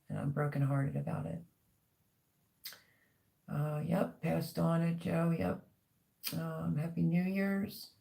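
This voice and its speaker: A woman's voice: sits low, gravelly, a little mellow. A middle-aged woman hosting a casual livestream, chatting and reading out viewer comments with lots of ums. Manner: chatty, rambling, many ums. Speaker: livestream host.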